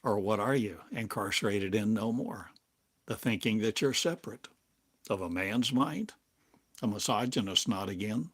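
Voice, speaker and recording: An older man giving a slow, halting spiritual monologue as a teacher, speaking in drawn-out phrases with long pauses. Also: on the low side, a bit bright, husky. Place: home in a small town, drinking coffee.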